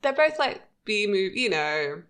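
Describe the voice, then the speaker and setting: A woman in her thirties co-hosting a podcast, chatting casually about a TV episode and laughing often. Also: moderate pace. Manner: chatty, laughs often, lively pitch jumps. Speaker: podcast co-host.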